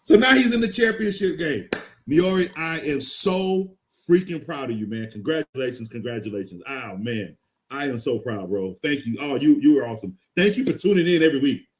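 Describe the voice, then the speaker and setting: A man hosting a live fantasy football stream, excitable and rambling, going from loud hype to low mutters. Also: normal speed. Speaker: fantasy football show host. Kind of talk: casual live-stream talk.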